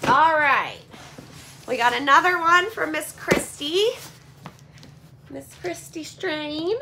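A woman vlogger opening donation boxes and chatting to her viewers in a gushing, excitable way. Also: sits high, slow, noisy background. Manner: gushing and excitable, repeats "oh my gosh" and "holy cow". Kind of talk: casual chat to viewers.

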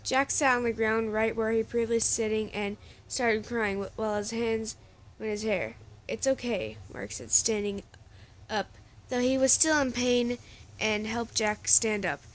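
A woman's voice: fairly high pitch, fairly even intonation, moderate pace, a little hiss or hum. A woman reading a story aloud in a casual, stumbling way, correcting herself as she goes. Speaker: story reader.

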